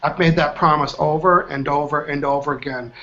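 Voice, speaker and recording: Energetic male trainer with a high voice, dull lo-fi call audio. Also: fairly quick. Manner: energetic, quizzes the group with questions. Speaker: trainer, workshop host. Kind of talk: live online training session. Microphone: online video call.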